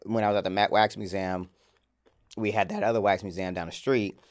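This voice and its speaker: A man's voice: lowish voice, steady tone, a little fast. A man co-hosting a podcast in a laid-back, rambling casual chat, laughing often. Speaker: podcast co-host.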